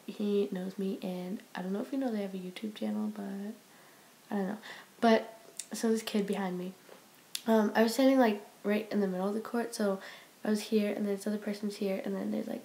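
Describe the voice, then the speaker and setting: Teen girl vlogger, rambling storytelling, mid-pitched, slips into whispers. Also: vocal fry, warm tone, a little hiss or hum. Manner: rambling, breathless, lots of "oh my god", drops to whispers. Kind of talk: casual storytelling vlog.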